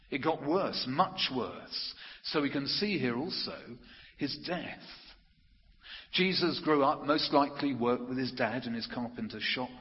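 A man preaching an earnest, emphatic sermon, slowing down to stress key phrases. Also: medium pitch. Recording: muffled audio with long hall reverb.

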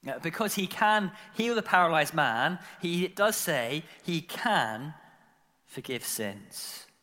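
Bright-voiced male preacher in a reverberant hall. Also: on the high side, takes it slowly. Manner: animated storytelling with frequent filler and repeated words. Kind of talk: sermon. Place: church.

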